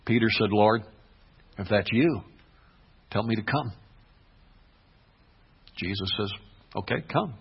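A pastor delivering a sermon, swinging between hushed, quiet passages and emphatic, rising ones. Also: male voice, on the low side, takes it slowly, vocal fry, long pauses, slightly rough. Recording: dull lo-fi recording.

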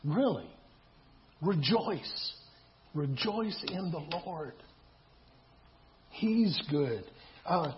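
A man's voice: a little high, lively intonation, drawn-out words, pauses often, slight background noise. A man preaching a sermon in a conversational way, repeating himself and asking rhetorical questions. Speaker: pastor. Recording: dull lo-fi sound.

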